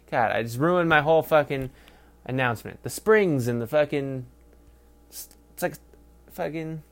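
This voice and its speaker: A young man reviews a football game on his own, cursing freely and mocking the announcers. He rambles, gets loud in bursts, then drops to low mutters. His voice sits at an average pitch for a man. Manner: profane, rambling, mocking, swings from loud to mumbled. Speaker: sports podcast host. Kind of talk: casual solo game review rant.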